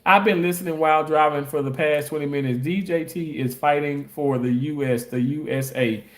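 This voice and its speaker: A man's voice: fairly high pitch, moderate pace, echoey room. A man live streaming in a casual chat, reading viewer comments aloud and defensively arguing back at his critics. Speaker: live streamer and content creator.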